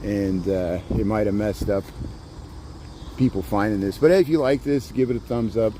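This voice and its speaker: A man's voice: on the low side, moderate pace, warm tone, slight background noise. A man casually livestreaming a walking tour of a city park, rambling, chatty and greeting viewers as he walks with his phone outdoors. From Chicago area. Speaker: vlogger livestreaming a walk.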